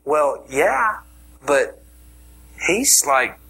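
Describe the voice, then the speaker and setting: A man's voice: on the high side, very animated, extremely slow, gravelly, pushed and bright, slightly rough, exaggerated voice. A man voicing an older father who shrugs off his youngest son, in an offhand, comic way. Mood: dismissive.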